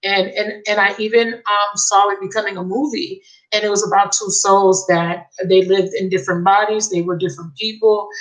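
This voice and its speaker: A woman giving a live tarot reading, excitable and emotional, repeating key phrases. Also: mid-range voice, normal speed, low-quality recording. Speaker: tarot reader.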